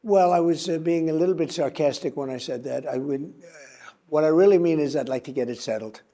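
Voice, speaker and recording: An older man giving halting, hesitant answers in an interview clip. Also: on the high side, dark tone.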